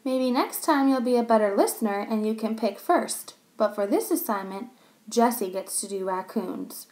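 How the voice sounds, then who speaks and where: A woman's voice: on the high side, moderate pace, a little mellow, lightly acted. A woman voicing a patient, firm female schoolteacher in a children's story read aloud.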